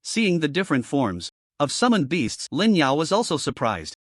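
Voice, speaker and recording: A man's voice: fairly high pitch, big pitch swings, normal speed, dry recording, studio quality. A man reading a recap story aloud as a narrator in scripted narration.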